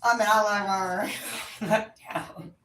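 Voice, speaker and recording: A woman's voice: medium pitch, fairly even intonation, extremely slow, a bit bright, slight background noise. A woman telling a long story in a blunt, rambling, profane casual chat. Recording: echoey room, mic at a distance.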